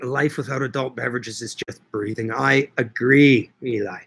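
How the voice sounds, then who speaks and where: A man's voice: medium pitch, steady tone, normal speed, gravelly, a bit bright, slightly rough, dry recording. A man hosting a casual livestream, chatting with viewers, reading their comments aloud and often repeating his words. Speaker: livestream host answering chat.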